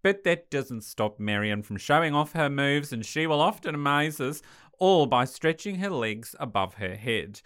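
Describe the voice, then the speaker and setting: A woman's voice: very deep voice, lively intonation, normal speed, smooth. An English woman co-hosting a podcast, reading news stories aloud with giggly asides. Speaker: podcast co-host.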